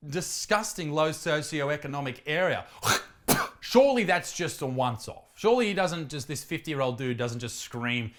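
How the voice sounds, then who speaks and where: A man's voice: on the high side, expressive, normal speed, fairly bright tone. Mocking, foul-mouthed Australian man. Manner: mocking, profane, theatrical. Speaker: comedian and host. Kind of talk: comedic reaction commentary.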